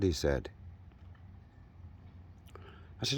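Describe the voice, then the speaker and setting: Walking outdoors through a local park and streets, a vlogger in his 60s animatedly acts out a street argument he's recounting. His voice sits lowish with vocal fry and moves a little slowly.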